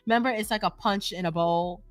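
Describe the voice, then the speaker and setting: A woman from New York co-hosting a casual livestream, reading viewer comments aloud and chatting in an animated, laughing way. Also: medium pitch, dry recording, soft background music. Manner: animated, laughs often, drawn-out emphasis. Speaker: livestream co-host reading chat. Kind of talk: casual chat.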